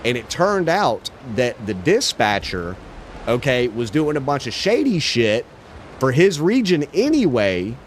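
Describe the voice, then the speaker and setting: A man's voice: mid-range voice, sing-song, measured pace, slight background noise. A man livestreaming a game, chatting casually in a laid-back, slangy way with lots of swearing. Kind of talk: casual chat while gaming.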